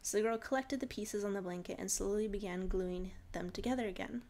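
A woman reading a short fairy tale aloud in a relaxed, informal way, laughing off her slips. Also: mid-range voice, brisk. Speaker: storyteller.

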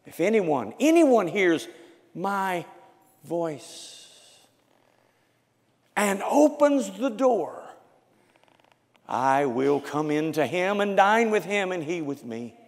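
A raspy, loud male pastor preaches slowly and deliberately, lingering on each phrase. He moves between ringing shouts and near-whispered prayer, his slightly high voice carrying through a reverberant church sanctuary. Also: big pitch swings. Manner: dramatic swings from shouting to hushed prayer. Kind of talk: sermon.

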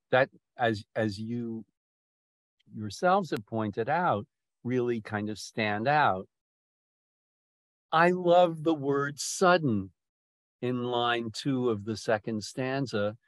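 A man guides a group through a poem, slowly and haltingly, restarting his phrases as he searches for words. His voice is mid-pitched and the sound is dry and close. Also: expressive, no room sound. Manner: slow, restarting often, lingering over words. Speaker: poetry discussion leader. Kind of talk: thoughtful discussion, halting.

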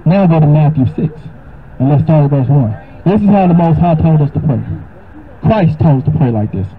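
A man answering a question with informal Bible teaching, talking casually and reading the verses aloud more slowly. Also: expressive. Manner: casual, conversational, reads verses slower and higher. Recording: dull lo-fi recording with faint noise.

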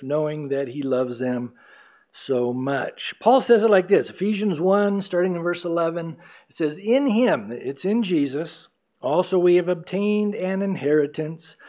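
Middle-aged male pastor, earnest sermon delivery, higher-pitched voice. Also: darkish tone. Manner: earnest preaching, acts out voices in anecdotes.

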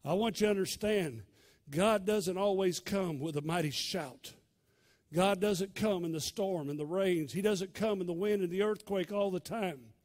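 A man preaching a Sunday morning sermon in a church, swinging from loud shouts to hushed, near-whispered lines. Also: high-pitched, normal speed. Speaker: pastor. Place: church sanctuary.

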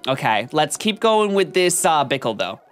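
A man streaming gameplay commentary, chatting with his viewers in an animated, self-mocking and melodramatic way. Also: on the high side, moderate pace, smooth, soft background music. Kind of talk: live-stream gameplay commentary, reading chat.

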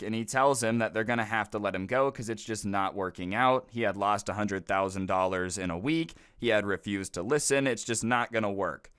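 A man's voice: fairly low pitch, fairly bright tone, clear, resonant tone, no echo. A man narrating a storytime video in a chatty, casual way with slangy asides.

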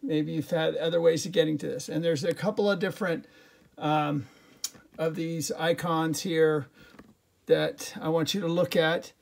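Male teacher, middle-aged, recorded lesson, gravelly, slightly high voice, casual with fillers. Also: steady tone, a little slow. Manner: chatty, jokey, with many fillers and restarts. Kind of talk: recorded remote class lesson.

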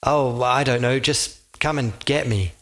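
A man's voice: mid-range voice, a little slow, a bit bright, a little hiss or hum. A man voicing a polite, proper male animal hero who talks in a prim, slightly weary way.

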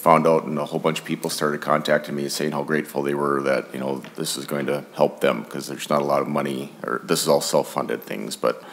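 A man's voice: extremely low pitch, flat delivery, brisk, hardly any pauses, long reverb tail. A man, a state senator, speaking hesitantly at a committee hearing and reading aloud a letter.

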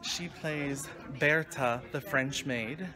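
A man's voice: mid-range voice, takes it slowly. A man with a slight West Virginia accent hosting a casual backstage chat, joking and teasing the cast. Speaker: host. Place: theater set, indoors. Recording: noisy room sound.

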